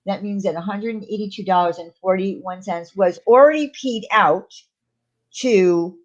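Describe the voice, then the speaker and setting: A woman's voice: medium pitch, normal speed, dull audio. A woman hosting a casual livestream, talking in a rambling way with lots of fillers and restarts. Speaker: channel host.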